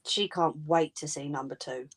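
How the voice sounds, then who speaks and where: A woman's voice: low voice, moderate pace. A woman chatting casually and informally with viewers on a home crafting livestream, laughing often.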